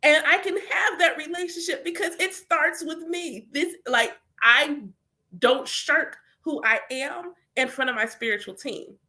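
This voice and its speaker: A woman with a fairly high voice talks openly and casually about her spiritual practice. She speaks like a reader sharing with her followers, with a lot of "like". She keeps slipping into little spoken versions of her own prayers and conversations. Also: measured pace, sharp tone. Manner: candid, chatty, full of filler "like".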